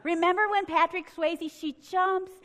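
A middle-aged woman from Michigan preaching a sermon, telling a story in an animated way and acting out what people said. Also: very high-pitched, unhurried. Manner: animated, acts out quotes with swings in loudness.

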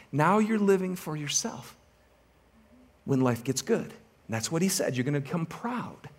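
A man with a high, light voice delivers a sermon to his congregation. He tells a story with energy and teases the crowd as he goes. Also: slightly rough. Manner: animated storytelling, joking with the congregation. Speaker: pastor.

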